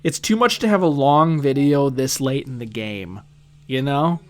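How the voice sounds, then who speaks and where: Slow, rambling, deadpan man. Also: medium pitch. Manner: rambling, deadpan, self-mocking. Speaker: host reacting to his old videos. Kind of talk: casual reaction commentary.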